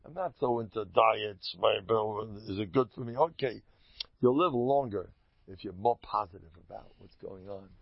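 A man telling stories in an animated, rambling way, chuckling and restarting his sentences often. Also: lowish voice, moderate pace, vocal fry, no echo. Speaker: Hasidic storyteller giving a talk. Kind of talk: informal storytelling talk. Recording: dull lo-fi dry recording.

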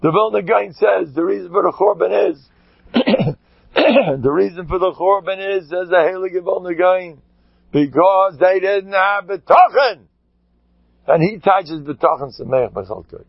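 Man, rabbi, storytelling talk, animated, acts out quotes, gravelly, dry close sound. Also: fairly high pitch, normal speed, no room sound. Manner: animated, acts out quotes, mixes in Yiddish and Hebrew words. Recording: dull lo-fi recording.

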